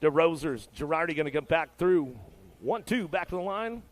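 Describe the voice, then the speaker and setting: A man's voice: a little high, expressive, normal speed. A man announcing a race with live play-by-play commentary, in a hyped, laid-back patter full of slang.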